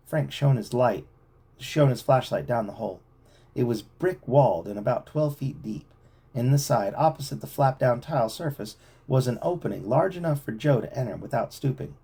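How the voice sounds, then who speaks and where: A man reading a novel aloud to a child at home, with expressive storytelling. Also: mid-range voice, moderate pace, gravelly, breathy edge.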